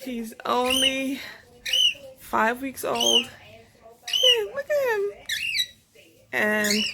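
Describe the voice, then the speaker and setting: A woman chatting casually at home in a home video, explaining things in an unhurried way with fillers. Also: mid-range voice. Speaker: pet bird owner vlogging. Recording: loud background noise, home video. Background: bird chirps and loud background noise.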